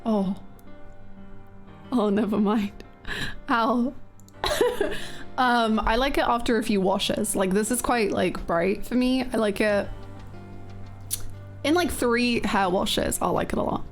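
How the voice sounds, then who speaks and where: A woman's voice: a little high, unhurried, long pauses, faint music behind. Bubbly, chatty woman streamer with a scratchy voice. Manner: chatty, bubbly, laughs often. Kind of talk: casual chat greeting viewers.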